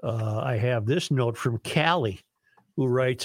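A man hosting a talk radio show, reading listener emails in a relaxed, chuckling way with halting restarts. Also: medium pitch, dry recording, studio quality.

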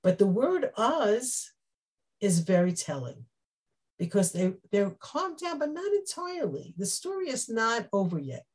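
A woman teaching a Bible class, explaining the text with Hebrew terms and acting out the quoted speech with lively energy. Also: medium pitch, unhurried. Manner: animated, acts out quoted speech.

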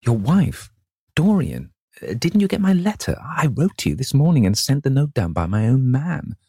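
A man voicing a witty, cynical aristocratic gentleman in an urbane, measured manner. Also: medium pitch, huge pitch swings, husky, dry recording, studio quality, pitched above the performer's own voice, exaggerated voice. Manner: urbane, epigrammatic.

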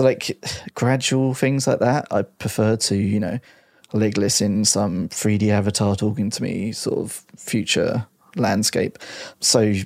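A man's voice: lowish voice, vocal fry, darkish tone, no room sound, clean studio sound. A man on a tech podcast panel, musing thoughtfully in a loose way and repeating words as he thinks. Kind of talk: casual panel discussion.

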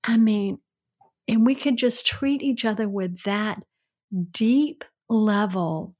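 Southern mom chatting on her podcast, slow and sincere, kinda high voice. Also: darkish tone. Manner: earnest, reflective, laughs easily. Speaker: co-host, mother. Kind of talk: casual podcast chat.

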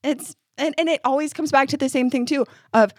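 A woman from New York co-hosting a casual chat, animated and laughing often as she puts on the voices of people she quotes. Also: high-pitched, brisk, dry recording, clean studio sound. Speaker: podcast co-host.

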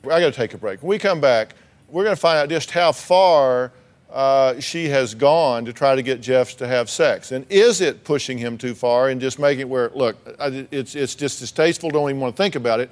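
A man's voice: mid-range voice, normal speed. A man hosting a daytime talk show, blunt and teasing as he challenges his guests.

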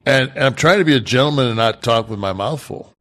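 Man in his 60s, podcast co-host, swears a lot, rambling restarts, mid pitch, dry close sound. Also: a bit bright, no echo. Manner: profane, rambling, halting restarts. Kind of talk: casual chat.

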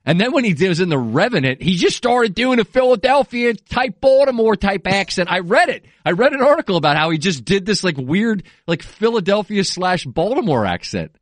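A man's voice: high voice, sing-song, moderate pace, hardly any pauses, no room sound. A man co-hosting a casual comedy podcast, teasing his co-host with wry, dry remarks.

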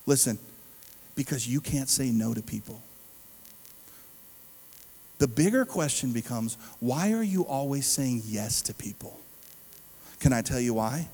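A man's voice: medium pitch, animated, unhurried, long pauses, a little mellow, slightly rough, long reverb tail, poor audio. A man preaching a sermon, emphatic and calling out to the congregation. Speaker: pastor.

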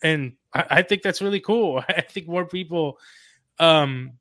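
A man guesting on a sports podcast as a writer, relaxed and easygoing, hedging with fillers. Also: a little high, a little slow, no echo, clean studio sound. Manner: laughs easily, hedging with fillers. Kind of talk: casual podcast interview.

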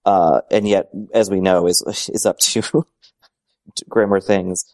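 A man co-hosting a podcast in casual chat, wry and deadpan with dry jokes. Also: low-pitched, slow pace. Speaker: podcast co-host.

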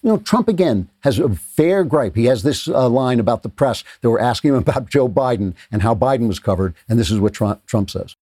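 A man delivers an opinionated commentary monologue, emphatic and sarcastic, full of rhetorical questions. His voice is mellow and relaxed. The recording is dry and close. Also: medium pitch, brisk, hardly any pauses, no room sound. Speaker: political commentary host.

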